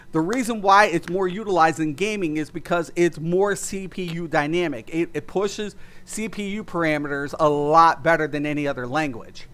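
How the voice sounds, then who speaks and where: Male streamer, high voice, heated profane rant, lots of false starts. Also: fairly bright tone. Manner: heated, profane, rambling with restarts. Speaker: gaming streamer. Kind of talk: ranting livestream commentary.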